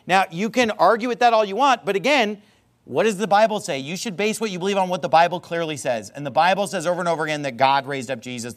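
A man preaching with an animated, emphatic delivery, his voice set high and swinging widely in pitch. He drives each point home by repeating phrases and firing rhetorical questions at his listeners. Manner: calls a congregation member up for a live illustration. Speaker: pastor. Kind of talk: sermon.

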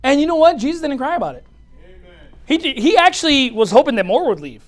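A man preaching a sermon as pastor, swinging from loud declarations to quiet asides and laughing at his own points. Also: very high-pitched, big pitch swings, fairly quick.

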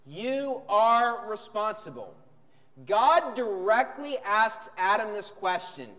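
A man preaching a sermon, emphatic, jumping from sudden shouts to quiet calm. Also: high-pitched, slow. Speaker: pastor. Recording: long hall reverb.

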